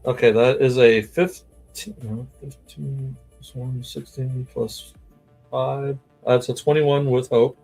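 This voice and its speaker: A man playing a tabletop role-playing game over a voice call. He talks haltingly, restarting sentences and filling them with uhs. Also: mid-range voice, steady tone, creaky, darkish tone, soft background music. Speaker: player.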